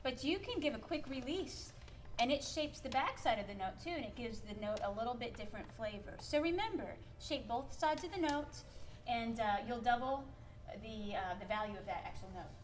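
A woman's voice: fairly high pitch, animated, moderate pace, distant mic. A woman from Minnesota with a Minnesotan accent, giving a chatty piano lesson with playful emphasis and laughing asides. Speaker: piano teacher. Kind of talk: workshop lesson on piano playing.

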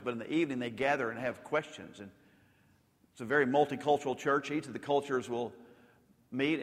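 Preacher man in a reverberant hall. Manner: swings from loud emphatic peaks to soft intimate lows. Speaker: pastor. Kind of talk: sermon.

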